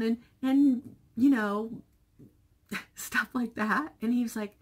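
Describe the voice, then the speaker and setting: A woman's voice: a little high, slow, long pauses, breathy edge. A middle-aged woman chatting in a personal vlog, telling a family story in an open, emotional way and acting out the dialogue. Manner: chatty and emotional, retelling dialogue with animated voices. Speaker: vlogger.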